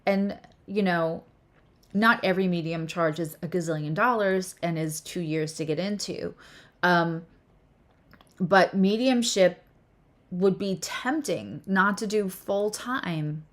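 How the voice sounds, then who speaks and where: A woman astrologer and tarot reader hosting a casual spiritual chat, talking with animated emphasis and often restarting her phrases. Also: lowish voice, slow.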